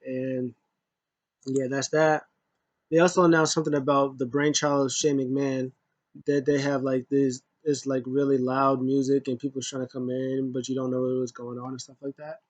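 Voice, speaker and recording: A man's voice: mid-range voice, little pitch movement, normal speed, no echo, muffled recording. A man giving a loose, rambling casual recap as a wrestling show reviewer, full of asides.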